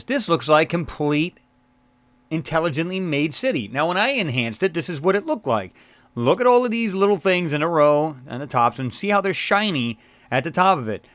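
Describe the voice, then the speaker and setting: This channel host rambles through casual commentary on photos while screen-sharing, full of fillers and restarts, his throat scratchy. He speaks a little fast in a sing-song voice on the high side, a bit bright, with no echo.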